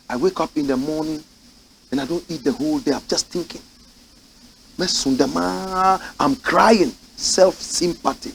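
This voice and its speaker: Man, Ghanaian English accent, fiery talk-show commentary, gravelly, shouts then mutters. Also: fairly high pitch, a little hiss or hum, poor audio. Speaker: political commentator and host. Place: studio.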